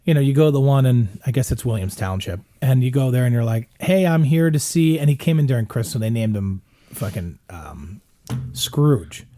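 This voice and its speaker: A man's voice: mid-range voice, expressive, a little fast, warm tone. A middle-aged man telling a long, rambling story in casual chat, swearing often. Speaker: podcast guest.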